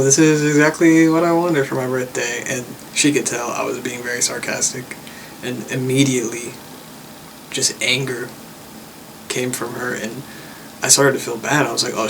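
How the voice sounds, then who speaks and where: A young man talking casually to camera, relaxed and rambling, with many likes and uhs. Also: mid-range voice, creaky. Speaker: vlogger. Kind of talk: casual vlog chat. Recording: faint background noise.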